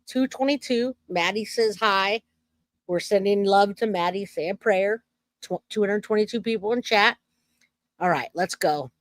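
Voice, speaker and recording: A woman's voice: mid-range voice, normal speed, no room sound. A woman hosting a casual true crime livestream, chatting and reading out viewer comments.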